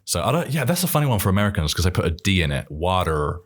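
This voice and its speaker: Fast-talking deep-voiced English man. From England. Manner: laughs often, explains with a relaxed, easygoing tone. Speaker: guest. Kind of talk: casual interview chat.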